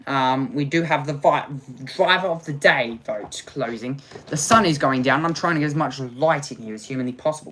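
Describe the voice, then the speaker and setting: A man's voice: mid-range voice, normal speed, hardly any pauses, fairly bright tone. A man hosting a live motorsport watch-along, talking to his viewers in a sarcastic, exasperated way and muttering to himself.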